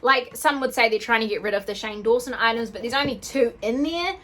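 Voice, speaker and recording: A woman beauty vlogger in an excited unboxing chat, gushing and often gasping and squealing. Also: fairly high pitch, fairly quick.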